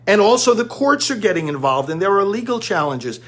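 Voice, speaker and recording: A man's voice: high-pitched, very animated, fairly quick, fairly bright tone. A man from the United States giving an emphatic, lecturing monologue to viewers, repeating key words to drive his point home. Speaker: commentator.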